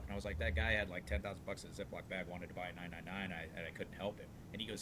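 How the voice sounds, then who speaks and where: Brief: low-pitched male dealer, casual, blunt, animated storyteller, light background rumble. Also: fast, hardly any pauses. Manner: rambling, animated storyteller with frequent restarts; salty, blunt talk. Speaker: dealership owner.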